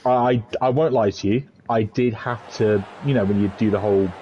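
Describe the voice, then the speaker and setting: A man's voice: lowish voice, fairly even intonation, fairly quick. A man hosting a racing league stream, chatting and joking as he announces the team draw. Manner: chatty, joking, rambling with fillers. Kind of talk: live stream chat commentary. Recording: dull lo-fi stream mic, faint noise.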